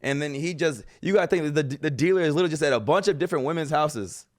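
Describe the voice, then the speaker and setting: A man giving casual, animated reaction commentary as a streamer, slangy and swearing freely. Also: fairly high pitch, racing.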